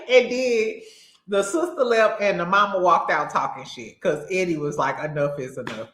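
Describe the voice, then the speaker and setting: A woman hosting a casual recap show, animated and laughing often as she acts out what people said. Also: lowish voice, moderate pace, echoey room. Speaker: host.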